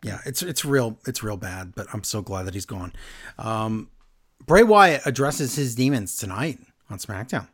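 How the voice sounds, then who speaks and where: A man co-hosting a casual wrestling chat, recapping a show with animated, exaggerated retellings. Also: on the low side, unhurried, slightly rough. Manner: animated, acts out quotes in exaggerated voices. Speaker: podcast co-host recapping wrestling.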